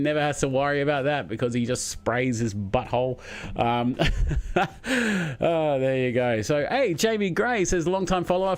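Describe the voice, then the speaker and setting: A man's voice: mid-range voice, smooth. An Australian man in his thirties hosts a casual live stream from a spare room at home. He rambles from one topic to the next and laughs easily, into a desk microphone. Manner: rambling, chatty, laughs often. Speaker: streamer host.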